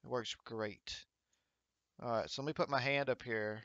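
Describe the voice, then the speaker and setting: A man's voice: mid-range voice, fairly even intonation, normal speed, fairly bright tone, no room sound, lo-fi sound. A man hosting a gaming livestream at home, chatting upbeat and encouraging while reading viewer comments aloud. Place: home streaming setup with green screen.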